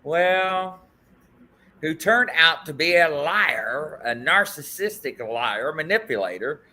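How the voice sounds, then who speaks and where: A man with a fairly high, lively voice hosts a podcast chat. He jokes and teases as he reads comments aloud, laughing often and taking his time. His pitch swings widely from line to line. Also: a little slow. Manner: playful, teasing, laughs often, swoops up and down. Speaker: host.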